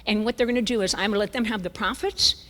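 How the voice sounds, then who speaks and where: A woman in her seventies giving a conference talk, a lively, self-mocking storyteller. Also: mid-range voice, fast. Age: 70s. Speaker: conference speaker. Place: church sanctuary. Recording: reverberant church hall.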